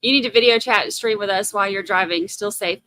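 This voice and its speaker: On her livestream, a woman from Massachusetts keeps things casual, teasing herself and voicing viewer comments as she reads them. She talks fast at a medium pitch, with a somewhat bright tone, over a rough recording.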